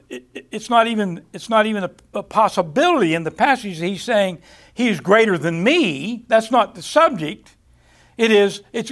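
Male preacher, high voice, halting delivery with repeated words, scripture-reading cadence. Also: a bit bright. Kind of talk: Bible study sermon.

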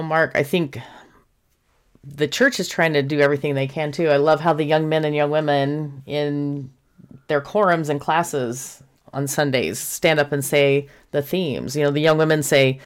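A woman guest on a gospel discussion podcast, speaking in a warm, heartfelt, admiring way. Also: deep voice.

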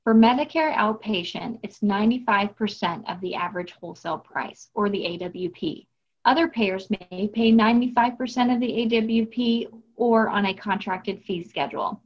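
A woman co-hosting a podcast walks listeners through billing rules in a measured, instructive way. Her voice sits at a middle pitch, and the recording sounds a little dull and lo-fi. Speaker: podcast co-host, billing expert. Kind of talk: scripted explanatory podcast talk.

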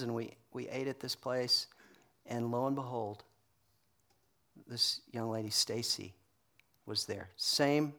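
A man's voice: medium pitch, sharp tone. A middle-aged man preaching a sermon in a church, telling a story in a loose, chatty way with fillers. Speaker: pastor. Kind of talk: conversational sermon.

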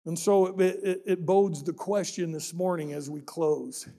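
A man's voice: a little high, measured pace, warm tone. A man preaching a sermon as pastor, telling a story and acting out the people in it. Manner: storytelling, acts out quoted voices with rising intensity.

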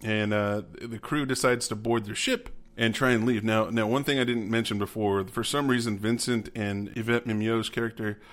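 Man, low voice, casual podcast chat, rambling, restarts, fillers. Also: fairly even intonation, normal speed, few pauses, fairly bright tone. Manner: rambling, many restarts and fillers, laughs often. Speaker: podcast co-host. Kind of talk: casual movie recap chat.

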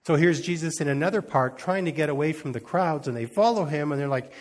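A man's voice: on the high side, quick pace. A man giving an informal sermon, reading scripture and retelling it in a conversational way, acting out the quotes and chuckling as he goes. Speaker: preacher.

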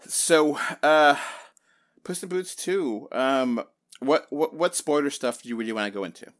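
A man hosting a casual spoiler chat about a film, rambling with lots of fillers and lively quoted reactions. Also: fairly high pitch, measured pace. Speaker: podcast host.

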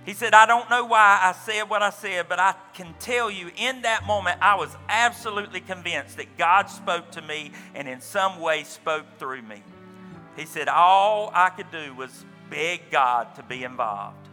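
A man's voice: high voice, measured pace, pushed and bright, long reverb tail, faint music behind. A man preaching a sermon as pastor, telling a story with quoted dialogue and folksy asides. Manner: storytelling, retelling another man's account with quoted dialogue.

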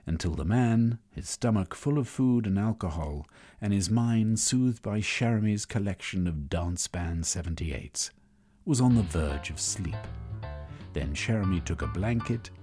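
Audiobook narrator, male, middle-aged: low and mellow, slow, lively in pitch. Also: husky, soft background music. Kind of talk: scripted narration.

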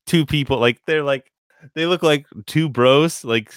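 A man's voice: on the high side, unhurried, clear, resonant tone, no room sound, clean studio sound. A man narrating a tabletop game as game master in a casual, giggly way, swearing often.

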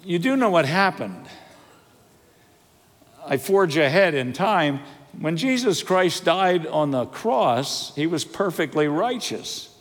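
In a large church sanctuary with a long echoing reverb, an older pastor preaches at a slow pace, his pitch somewhat high for a man. His sermon mixes animated storytelling with humor and questions aimed at the congregation.

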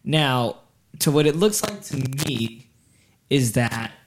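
A man co-hosting a podcast, chatting casually in an excitable way, telling stories and laughing often. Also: mid-range voice, takes it slowly, noisy background. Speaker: podcast co-host. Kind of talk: casual chat.

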